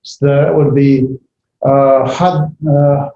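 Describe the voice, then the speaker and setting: A man's voice: medium pitch, little pitch movement, mellow, a little hiss or hum. Hesitant male Hebrew teacher, roomy sound. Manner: halting, many fillers and self-corrections. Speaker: Hebrew instructor. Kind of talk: classroom lecture. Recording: dull, roomy lecture recording.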